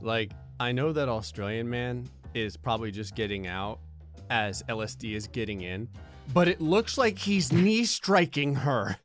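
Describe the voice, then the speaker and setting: A young man giving sarcastic, profane comedic commentary over gameplay. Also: mid-range voice. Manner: sarcastic, profane, mock-cruel humor with quick voiced asides. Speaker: gaming commentator. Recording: faint background music under voice.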